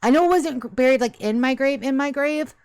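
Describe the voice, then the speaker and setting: A woman's voice: high voice, a little fast, a little mellow, no echo, pitched above the performer's own voice. A woman voicing a centuries-old ghost who is stuck and anxious, stammering and rambling as she begs for help during a tabletop game. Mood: flustered. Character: restless centuries-old ghost, pleading and flustered. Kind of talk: tabletop game role-play.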